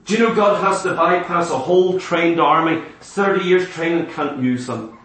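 A man's voice: fairly high pitch, fairly even intonation, normal speed, fairly bright tone. A man preaching a sermon with impassioned, emphatic repetition. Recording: echoey hall, speaker far from mic.

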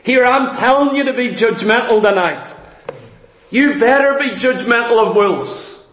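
A man delivers a sermon in a high voice at an unhurried, deliberate pace. He hammers his points through rhetorical questions he answers himself. The sound rings with the echo of a roomy church hall. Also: lively intonation, fairly bright tone. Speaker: preacher.

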